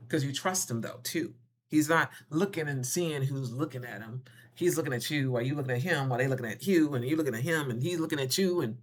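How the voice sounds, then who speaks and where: A wellness vlogger giving casual relationship advice to viewers, playful and animated, calling them darling and honey and acting out little scenes. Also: medium pitch. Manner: addresses viewers with endearments and slang.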